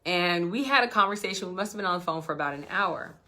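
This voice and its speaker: Bright-voiced woman business coach. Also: lowish voice, fast talker. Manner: animated storytelling, acts out dialogue. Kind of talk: direct-to-camera business talk.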